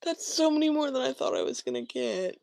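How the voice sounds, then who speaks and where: Crafting on camera, a young woman chats casually with viewers, talking to herself and often trailing off into a mumble. Her high voice is animated and a little fast, with vocal fry and a slightly mellow quality, recorded with no room sound.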